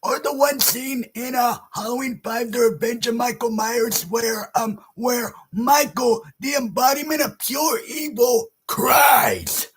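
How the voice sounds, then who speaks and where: A man with a strikingly high, very husky voice rants through a horror movie review. He talks slowly and heavily, shouting and cursing as he complains. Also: steady tone. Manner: loud, profane, often shouting. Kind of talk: ranting video review.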